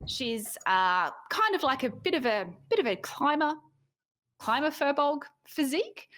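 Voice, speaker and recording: A bubbly woman telling a story about her tabletop character, chatting casually on a livestream. Her voice sits fairly high and swoops up and down with lively energy. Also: normal speed. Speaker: player introducing her character.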